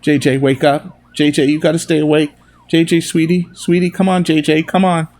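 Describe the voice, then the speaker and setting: A man's voice: fairly high pitch, little pitch movement, normal speed, darkish tone, voice pushed up, lightly acted. A man voicing a desperate nineteen-year-old woman who pleads and screams for help in a storybook reading. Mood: desperate pleading.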